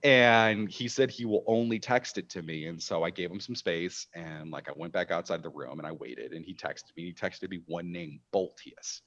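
A man in his thirties, a game master, telling an animated anecdote with lots of fillers in a casual panel chat. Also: low-pitched, normal speed, hardly any pauses, muffled recording.

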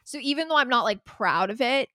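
A young woman co-hosting a podcast, telling stories in an animated casual way, swearing and laughing often. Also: fairly high pitch, brisk, dry recording, clean studio sound. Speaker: podcast co-host. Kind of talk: casual chat.

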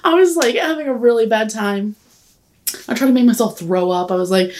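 A podcast guest in her twenties talks fairly quickly in a fairly high, darkish voice. She's telling a long story in a relaxed chat, rambling along, giggly, with "like" popping up all the time.

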